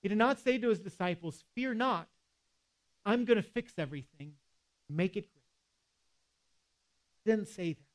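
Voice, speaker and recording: A man's voice: high voice, expressive, normal speed, pauses often. A man preaching a sermon in a conversational way, with casual asides and quoted scripture. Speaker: pastor.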